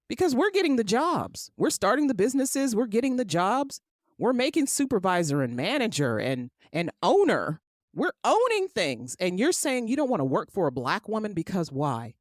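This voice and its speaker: Animated, exasperated woman podcast host. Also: medium pitch, normal speed, no echo, studio quality. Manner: emphatic, exasperated, profane. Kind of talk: ranting solo podcast monologue.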